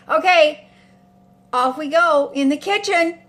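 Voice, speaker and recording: A high-pitched woman talks slowly and unhurriedly as she chats to her viewers from her home kitchen. She rambles, pokes fun at herself and wanders off topic in a relaxed, homey cooking vlog. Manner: rambling, chatty, self-mocking with frequent sighs and laughs. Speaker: cooking vlogger. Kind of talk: casual chat to camera.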